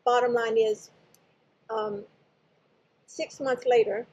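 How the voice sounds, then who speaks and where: A woman's voice: fairly high pitch, little pitch movement, takes it slowly, a little mellow, slightly rough, highs cut off. An older woman casually telling a personal spiritual story, rambling and often correcting herself as she goes. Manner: rambling, digressive, self-correcting. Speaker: spiritual channel host.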